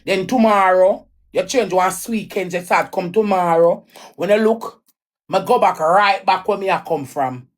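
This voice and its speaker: A woman's voice: mid-range voice, a little slow. A Jamaican woman telling an emotional personal story in a raw, emphatic way, often repeating her lines. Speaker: livestreamer.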